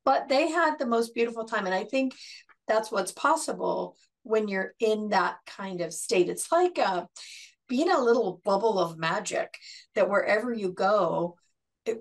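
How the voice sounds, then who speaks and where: An American woman co-hosting a talk podcast, explaining calmly in a casual way. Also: medium pitch, measured pace. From United States. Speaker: podcast co-host.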